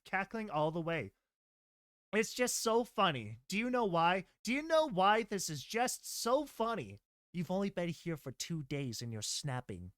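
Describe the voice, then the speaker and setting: Story reader and commentator, man, high-voiced, excitable asides; dry close mic. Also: dry recording. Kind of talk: dramatic reading with commentary.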